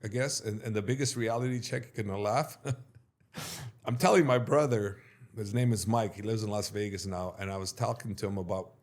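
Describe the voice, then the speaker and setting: A middle-aged man, a martial arts coach being interviewed, telling stories in a lively way and acting out what others said. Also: on the low side, normal speed. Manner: animated storyteller who acts out quotes loudly. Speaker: MMA coach, interview guest. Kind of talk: storytelling in an interview.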